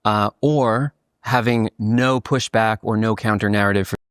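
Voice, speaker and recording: A man hosting a podcast interview and asking questions in a calm way. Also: lowish voice, measured pace, clear, resonant tone, dry recording, studio quality. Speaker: podcast host.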